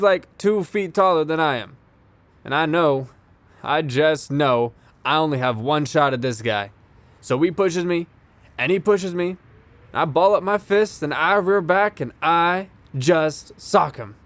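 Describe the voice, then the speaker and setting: A man's voice: fairly high pitch, fairly bright tone, dry recording. A man playing a wry storytelling bartender. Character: bartender recalling a childhood fistfight. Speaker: monologue performer. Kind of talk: theatrical monologue.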